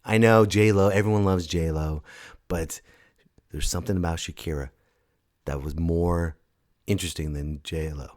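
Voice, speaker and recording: A man in his thirties hosting a casual solo podcast, excitable and joking, restarting his sentences and jumping to loud high shouts when he mimics others. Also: measured pace, long pauses. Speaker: podcast host.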